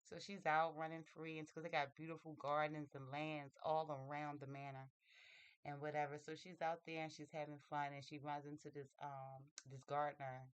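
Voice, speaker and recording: A woman's voice: deep voice, level tone, moderate pace, clear, resonant tone, no echo, muffled recording. A woman reviewing a book, casually retelling its story in a rambling way with lots of fillers. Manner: rambling, many fillers and restarts.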